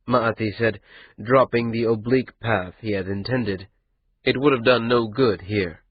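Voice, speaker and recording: A man narrating an audiobook in a steady, even reading voice, slightly husky. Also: fairly low pitch, a little slow, dull audio, a little hiss or hum. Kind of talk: scripted narration.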